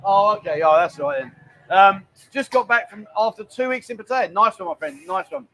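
A man's voice: high-pitched, expressive, fairly quick, a bit bright, rough recording. A middle-aged man hosting a live stream, chatty and bantering as he rambles along. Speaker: livestream host. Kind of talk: casual live-stream chat.

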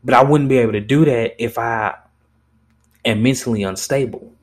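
A man's voice: medium pitch, normal speed. Blunt, impassioned young man. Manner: blunt and impassioned, frequent swearing and restarts. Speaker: podcast host. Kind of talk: casual podcast monologue.

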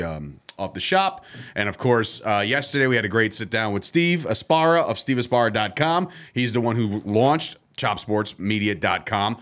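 A man hosting a sports podcast in casual, joking chat, laughing often. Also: fairly low pitch. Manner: animated, jokey, laughs often. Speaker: podcast host.

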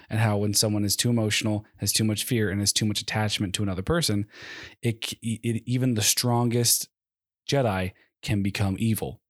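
A man's voice: fairly low pitch, no room sound, clean studio sound. A man co-hosting a podcast in casual chat, rambling with many fillers. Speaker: podcast co-host.

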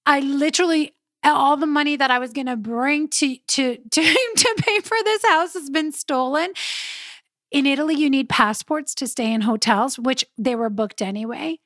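A woman hosting a podcast, telling a personal story in a lively, casual way, laughing often and talking straight to her listeners. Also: high voice, moderate pace, dry recording, studio quality. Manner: animated, laughs often, addresses listeners directly. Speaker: podcast host.

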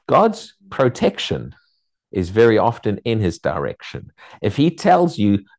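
Male pastor, sermon delivery, lively pitch swings, chatty storyteller with asides. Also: a little slow, creaky. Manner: animated storytelling with acted-out quotes; conversational, frequent restarts and asides.

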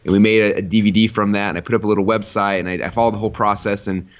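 A man in his thirties, a podcast guest who tells stories with excitement, acting out quotes in a high voice. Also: racing, dull audio. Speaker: podcast guest, online entrepreneur. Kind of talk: casual storytelling interview.

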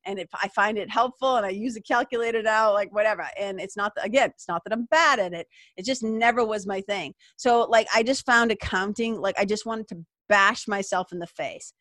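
A woman's voice: mid-range voice, brisk, few pauses, a bit bright, no room sound, studio quality. A woman, hosting a podcast and telling stories from her own life in a candid, casual way, swearing freely and using lots of fillers. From Massachusetts. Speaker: podcast host. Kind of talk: casual storytelling monologue.

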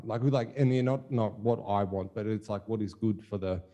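A man's voice: fairly low pitch, a little fast, dark tone, lo-fi sound. A young adult man co-hosting a podcast, speaking candidly and thinking aloud, with lots of "like" and some mild swearing. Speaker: podcast co-host, musician. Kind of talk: casual chat.

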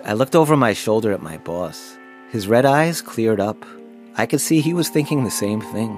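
A man's voice: lowish voice, animated, moderate pace, a little mellow, faint music behind. A man narrating his own memoir in the first person, wry and self-deprecating.

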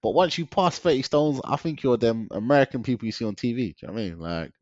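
A man's voice: mid-range voice, quick pace, no room sound. Slangy man telling his story. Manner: slangy, laughing often, animated retelling. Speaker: guest. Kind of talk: casual storytelling interview. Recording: dull lo-fi dry sound.

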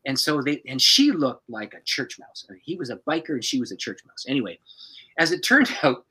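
A man who is a pastor tells his story with a lively, swooping delivery, rising and falling all the way through. His voice is bright and a little husky, and he leans into the dramatic beats. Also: mid-range voice, fairly quick, rough recording. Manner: dramatic, expressive storyteller who acts out the people in his stories. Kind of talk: animated personal storytelling.

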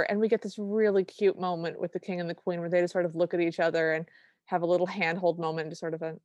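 A woman's voice: on the low side, fairly quick, darkish tone, no echo. A woman co-hosting a podcast, recapping a film in casual chat and acting out quoted lines with enthusiasm. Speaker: podcast co-host.

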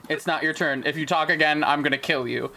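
A man's voice: on the high side, steady tone, fast, pushed and bright, a little hiss or hum. Brash joking young man running a game. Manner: brash, joking, swears freely. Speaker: dungeon master. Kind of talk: running a tabletop game podcast.

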